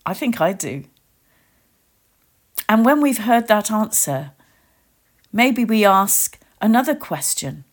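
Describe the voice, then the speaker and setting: A woman giving a reflective sermon, leading listeners through a gentle guided imagining in short, meditative phrases. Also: medium pitch, sing-song, slow, pauses often. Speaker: preacher.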